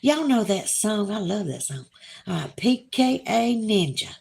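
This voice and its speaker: Slow-drawling Southern woman livestreamer. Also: mid-range voice, sing-song, gravelly, darkish tone. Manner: chatty, drawling, reads comments aloud slowly. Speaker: livestream host reading chat. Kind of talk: casual livestream chat.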